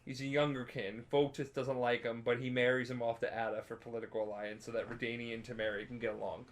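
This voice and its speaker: A man's voice: mid-range voice, quick pace. A tipsy young man co-hosting a podcast, rambling and swearing as he casually retells a story. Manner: rambling, profane, animated. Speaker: podcast co-host.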